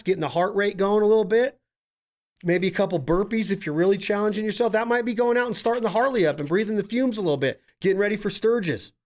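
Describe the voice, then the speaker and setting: A brash man hosts a podcast in loose, joking banter. His voice sits a little high for a man, and he swears freely as he needles his co-host. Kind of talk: casual banter.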